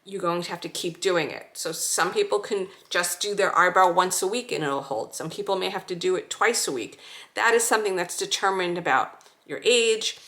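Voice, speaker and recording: A woman calmly demonstrating a skincare routine, giving slow, reassuring step-by-step cues. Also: on the low side. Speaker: skincare instructor. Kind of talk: demonstration tutorial.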